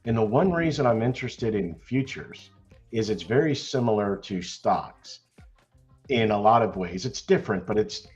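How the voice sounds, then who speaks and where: An older man chatting loudly and cheerfully on an online call about trading, laughing often. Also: lowish voice, animated, moderate pace, dull audio, soft background music. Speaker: stock trading chat member. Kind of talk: casual chat.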